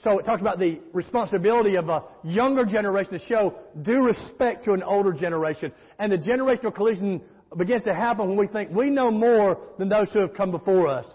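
A man's voice: high voice, quick pace, husky. A man preaching a sermon as pastor, emphatic, with call-and-response and storytelling. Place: church sanctuary. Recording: echoey hall, muffled sound.

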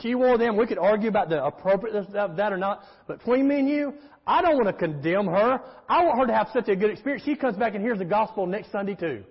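His high-pitched voice has lively intonation, a quick pace and a breathy edge as this pastor preaches emphatically. Call-and-response and storytelling fill the sermon, recorded in an echoey, muffled church sanctuary.

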